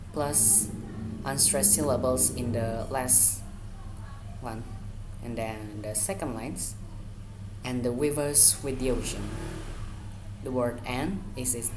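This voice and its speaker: A man presenting a student lesson on poetic meter, going methodically through each word and repeating it as he breaks it into syllables. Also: medium pitch. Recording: roomy echo with faint background hum.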